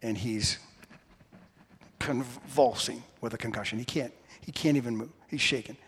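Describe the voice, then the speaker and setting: A man's voice: medium pitch, moderate pace, fairly bright tone, slight background noise. Man in his sixties preaching in a reverberant church. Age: 60s. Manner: humorous personal storytelling. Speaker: pastor. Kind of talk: sermon. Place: church sanctuary. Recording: long hall reverb.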